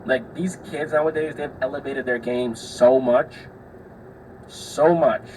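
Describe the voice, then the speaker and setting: Speaking a little slowly, the young podcast host uses a middle-pitched, darkish voice with fairly even intonation. He chats through casual stories on his own, acting out the people involved and swearing freely, a bit distant from the mic against faint background hiss.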